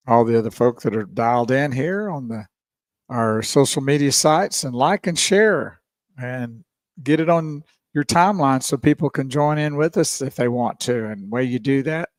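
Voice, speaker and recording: A man's voice: medium pitch, no echo. A man hosting a radio show, chatty, laughing and greeting listeners. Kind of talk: casual radio talk. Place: radio studio. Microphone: studio microphone.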